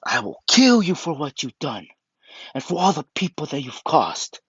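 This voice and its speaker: A man's voice: fairly high pitch, big pitch swings, normal speed, a bit bright, husky, no echo, heavily acted. A man voicing Tanjiro, a furious teenage boy demon slayer, in an angry, accusing tone, on a muffled, dry recording.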